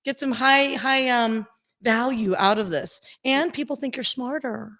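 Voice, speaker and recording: A woman's voice: fairly high pitch, a little slow, bright, forceful tone. A woman co-hosting a casual panel chat, chatty and rambling in a playful way. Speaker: co-host.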